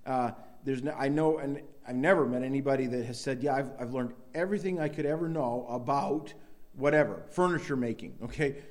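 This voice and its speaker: A man's voice: medium pitch, a little fast. A middle-aged man preaching a sermon in a loose, conversational way, with many restarts and sudden emphatic bursts. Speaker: pastor.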